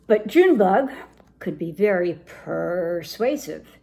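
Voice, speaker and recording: A woman reading a children's picture book aloud in an expressive, lively storytelling manner. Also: on the low side, slow, gravelly.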